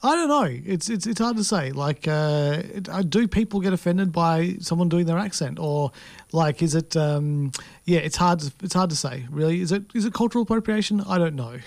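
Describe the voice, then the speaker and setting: A man's voice: fairly high pitch, lively intonation, moderate pace, creaky, no room sound. An Australian man co-hosting a podcast, talking about films in a laid-back, hesitant way with dry teasing. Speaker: podcast co-host. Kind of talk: casual chat about films.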